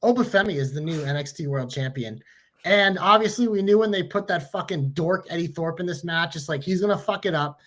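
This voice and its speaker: A man co-hosting a podcast, chatting casually and excitedly about wrestling with frequent swearing. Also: on the high side, fairly quick. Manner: excited, profane, enthusiastic. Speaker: podcast co-host.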